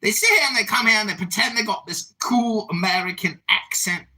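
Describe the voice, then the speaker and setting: A man voicing a loud, bullying ranter who taunts people in a mock rant on a voice-chat app. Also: lively intonation, brisk, heavily acted. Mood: scornful. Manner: shouting, taunting, high-pitched.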